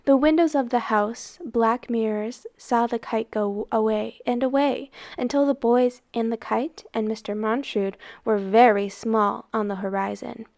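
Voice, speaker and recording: Woman, storybook reader, expressive dramatic narration, somewhat high voice, gravelly edge. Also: measured pace, few pauses. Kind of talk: storybook read-aloud.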